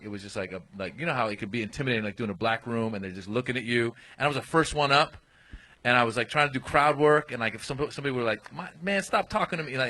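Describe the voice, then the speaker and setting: A man's voice: mid-range voice, bright, forceful tone. A male comedian telling a stand-up story on a live comedy podcast, acting out quotes in raised voices. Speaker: comedian guest.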